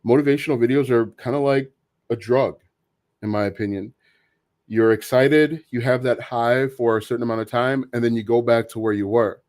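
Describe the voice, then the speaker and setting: A man hosting a casual live Q&A stream, talking in an opinionated, halting way with many restarts. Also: medium pitch, fairly even intonation, darkish tone. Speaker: livestream host answering viewer questions.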